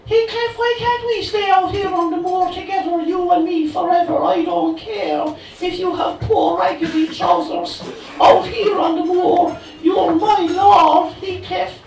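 A man voicing a lovestruck, dreamy young heroine of the moors in a put-on Cork accent and a high, theatrical falsetto. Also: steady tone, a little slow, creaky, hardly any pauses, exaggerated voice. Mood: swooning. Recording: echoey room from far off, noisy.

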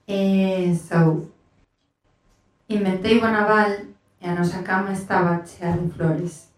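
A woman whose first language is Galician introducing and reading a poem aloud, slow and careful. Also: medium pitch, fairly even intonation. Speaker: poet reading. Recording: very echoey venue from a distance.

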